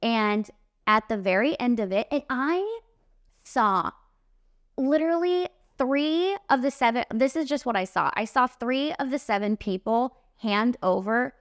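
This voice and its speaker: A woman in her late twenties, a podcast host and makeup artist, telling a story in an animated, emphatic way, full of "like" and "literally.". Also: a little high, measured pace, no room sound, studio quality. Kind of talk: casual storytelling monologue.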